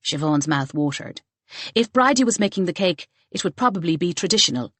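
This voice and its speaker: A woman narrating a mystery novel audiobook in an expressive storytelling manner. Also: lowish voice, brisk, dry recording. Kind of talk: scripted narration.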